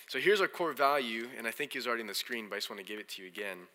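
A man preaching a sermon as a pastor, telling a lively story and acting out his friends' lines, then reading scripture slowly. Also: mid-range voice. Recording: long hall reverb.

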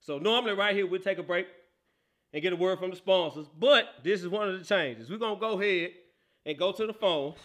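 A man's voice: sits high, fairly quick. A man hosting a casual sports talk show, laughing often and teasing. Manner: laughs a lot, animated and teasing.

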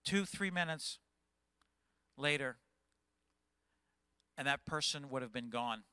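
Impassioned bright-voiced pastor in his fifties. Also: medium pitch, expressive, slow pace, smooth, dry recording. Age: 50s. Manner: impassioned, agitated preaching. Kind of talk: sermon.

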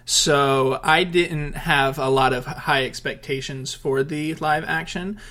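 Easygoing young man, slightly high voice. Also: steady tone, slow pace, sharp tone. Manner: easygoing, rambling, upbeat. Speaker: podcast guest, actor and singer. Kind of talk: casual podcast chat.

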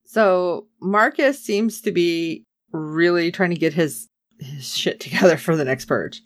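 A woman's voice: fairly low pitch, unhurried, no echo. A woman chatting casually as a podcast co-host, recapping a TV episode with sarcasm and acting out the characters' lines.

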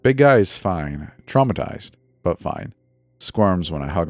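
A man's voice: sits low, very animated, a little slow, no room sound. A man telling a first-person horror story in a tense, breathless, dramatic way. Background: faint music.

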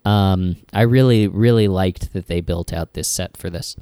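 A man's voice: low voice, moderate pace, dark tone, clear, resonant tone, no echo, clean studio sound. A man co-hosting a podcast, recapping scenes in detail in casual chat. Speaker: podcast co-host.

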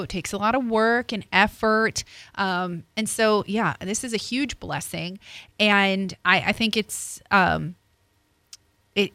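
A woman, hosting a radio talk show in a casual, chatty, excitable way. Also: medium pitch, no room sound. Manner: chatty, laughs easily, excitable.

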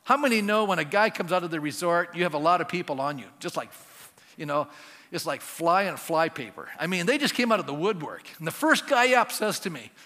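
A man preaches in a lively, conversational way and keeps questioning his congregation. His voice is high and bright with wide swings in pitch. It sounds out in a church sanctuary with a long hall reverb. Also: a little fast. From Canada. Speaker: pastor. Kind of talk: sermon.

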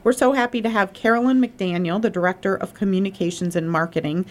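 A woman's voice: mid-range voice, fairly even intonation, fast talker. A woman hosting a local radio show, chatting casually and enthusiastically with her guest. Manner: chatty and enthusiastic, thanks people.

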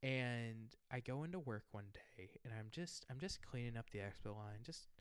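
A young man hosting a podcast, telling rambling, animated work stories with swearing and laughter. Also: mid-range voice, normal speed, smooth. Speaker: podcast host. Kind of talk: casual storytelling chat.

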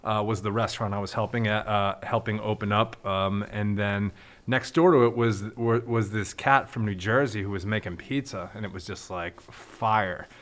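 A man's voice: on the low side, fairly even intonation, moderate pace, a bit bright. A man, a restaurant owner, talking casually on a podcast, laid-back, with many fillers and some swearing.

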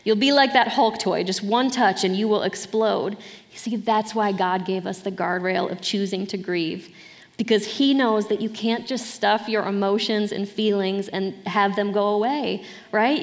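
A woman's voice: fairly high pitch, normal speed, big-room sound. A middle-aged woman pastor preaching a sermon in an earnest, conversational way, with light laughs between points.

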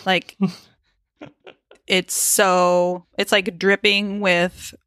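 A woman's voice: lowish voice, normal speed, creaky, fairly bright tone, no echo, studio quality. A woman co-hosting a podcast, recapping a TV episode in casual, joking chat full of "like" and swearing. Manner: chatty and joking, lots of likes and swearing. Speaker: podcast co-host.

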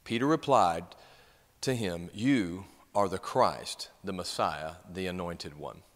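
A man's voice: low-pitched, takes it slowly, fairly bright tone. Man preaching a sermon in a reverberant hall. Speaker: pastor.

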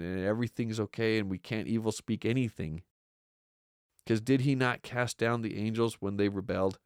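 A man's voice: on the low side, a little mellow, smooth, no echo, clean studio sound. A man hosting a podcast, giving an earnest religious study talk and often repeating words as he stresses points. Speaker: podcast host teaching scripture.

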